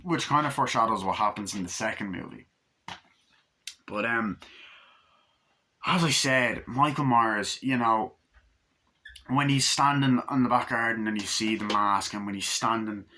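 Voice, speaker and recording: A man's voice: on the low side, unhurried, pauses often, pushed and bright, a little hiss or hum. A man giving a casual, rambling movie review, full of "like" and fillers, acting out scenes as he goes. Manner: rambling, filler-heavy retelling that acts out scenes.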